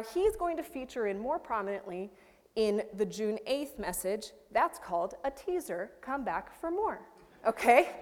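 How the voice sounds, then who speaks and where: A woman pastor with a slightly high voice preaches in a large hall. Her sermon is chatty and self-deprecating, and she often checks in with listeners through frequent "right?" asides.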